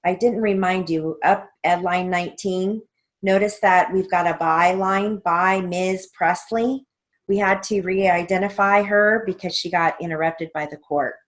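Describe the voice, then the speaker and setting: Woman methodically teaching punctuation. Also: lowish voice. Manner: methodical, reads transcript aloud naming each punctuation mark. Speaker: court reporting instructor. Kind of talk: recorded theory lesson walkthrough.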